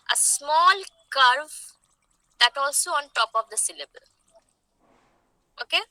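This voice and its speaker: A woman teacher, giving an online class lecture. She talks slowly and repeats points, often checking that students follow. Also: high voice, sharp tone, no echo, poor audio. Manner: slow, repetitive, checks on students.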